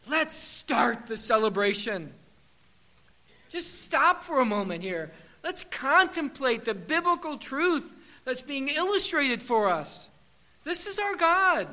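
A man preaching with a strikingly high, very bright voice. His delivery is impassioned, rising to emphatic declarations and dropping to hushed, tender passages. He speaks as a pastor addressing his congregation. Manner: impassioned, swings from loud emphatic declarations to soft hushed tones. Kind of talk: sermon.

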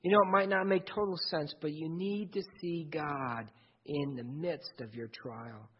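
A man's voice: fairly high pitch, measured pace, slightly rough. A man preaching a sermon in an earnest way, speaking straight to the listener as "you". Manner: earnest, second-person storytelling. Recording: dull lo-fi recording.

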